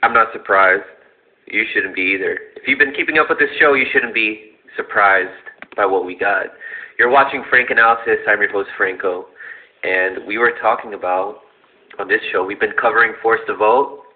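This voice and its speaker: A man's voice: on the low side, normal speed. A man hosting his own show, talking about events in a plain, conversational way. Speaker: show host. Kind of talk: casual show commentary played as a clip. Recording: tinny phone-like audio.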